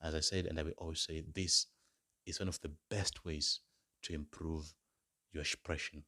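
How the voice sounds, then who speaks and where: A man teaching basic German phrases in a lesson, saying each phrase slowly several times and then giving the English meaning. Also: rumbling low, steady tone, bright, forceful tone. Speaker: German language tutor. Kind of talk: slow, repeated language lesson.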